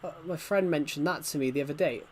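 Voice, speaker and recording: A man's voice: on the high side, quick pace, slight background noise. Chatty man livestreaming a game. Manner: rambling, restarts, reacts to chat. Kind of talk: casual livestream chat.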